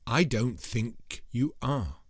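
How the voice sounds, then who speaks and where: Big tough billy goat, sure of himself, husky voice, storyteller man doing him. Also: medium pitch, expressive, slow, no room sound, studio quality. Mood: defiant.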